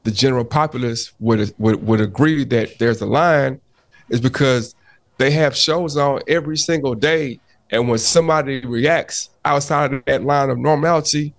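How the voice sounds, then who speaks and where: A man's voice: medium pitch, normal speed, dry recording. A man co-hosting a podcast, arguing his point in casual chat, often restarting and cutting in to hold the floor. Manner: animated, restarts often, repeats "hold on" to cut in. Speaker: podcast co-host.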